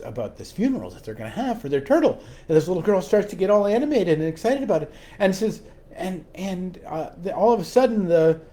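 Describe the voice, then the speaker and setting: A man's voice: on the high side, dark tone, slight background noise. A man giving a sermon reflection as a pastor, often repeating words and restarting as he tells a story.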